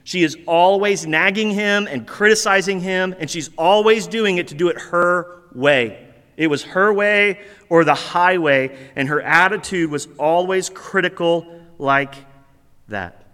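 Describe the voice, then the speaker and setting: A man's voice: high-pitched, measured pace, pushed and bright, clear, resonant tone, in a large hall. A man preaching a sermon as pastor, talking in a conversational, earnest and self-deprecating way.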